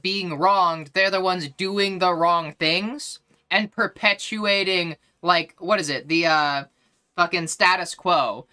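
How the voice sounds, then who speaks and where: A woman livestreamer chats casually with her viewers, blunt and profane, full of fillers, and she pokes fun at herself whenever she tries accents. Her mid-range voice is bright, forceful and smooth.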